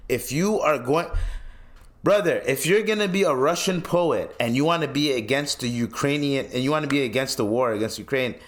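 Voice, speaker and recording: A man's voice: mid-range voice, moderate pace. A man hosting his own podcast, ranting loosely and swearing freely, with lots of restarts. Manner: loose and rambling, with many restarts. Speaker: podcast host. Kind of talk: solo podcast rant.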